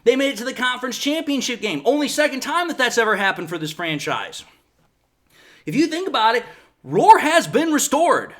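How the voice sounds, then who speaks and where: A man's voice: very high voice, bright, forceful tone. A man hosting a fan sports show, giving a passionate, emphatic monologue and acting out imagined voices.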